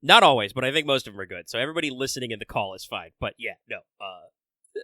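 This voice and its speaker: A podcast co-host chats casually but in a rambling, profane way, interrupting himself with restarts and filler words. His medium-pitched voice is expressive, fast and sharp, recorded at studio quality with no echo.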